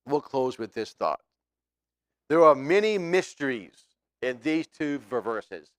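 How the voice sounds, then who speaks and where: A man's voice: mid-range voice, big pitch swings, slow pace, smooth, dry recording, studio quality. Male pastor, chatty sermon delivery with fillers, resonant tone. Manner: conversational, questioning the congregation, with fillers.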